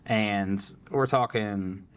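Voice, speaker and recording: A man's voice: lowish voice, drawn-out words, clear, resonant tone. A man hosting a casual tech Q&A, answering viewer questions in a loose, chatty way full of fillers. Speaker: tech support host. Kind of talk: casual Q&A livestream.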